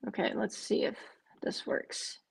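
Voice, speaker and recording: A woman hosting a live stream, chatting casually and answering viewer comments, with frequent "um" fillers and repeated phrases. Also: measured pace. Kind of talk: casual live watch-along chat.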